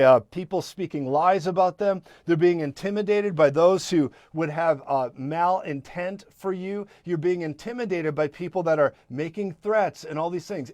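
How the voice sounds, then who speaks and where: A man preaching fervently on a live broadcast, emphatic, repeating lines and adding quick asides. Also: a little high, darkish tone, no echo. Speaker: prophetic minister and broadcast host.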